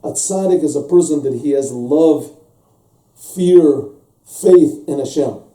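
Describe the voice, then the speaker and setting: A man's voice: a little high, slow, dark tone. A man teaching a religious text class as a rabbi, explaining at length, repeating words and acting out little dialogues. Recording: echoey room, mic set far off.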